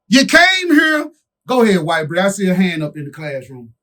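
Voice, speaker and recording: A man talks on a podcast in an emphatic, preaching manner. His voice sits high and swings widely in pitch, rising to near shouts and dropping to quiet asides. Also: wildly swooping pitch, normal speed. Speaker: podcast co-host. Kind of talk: impassioned podcast talk.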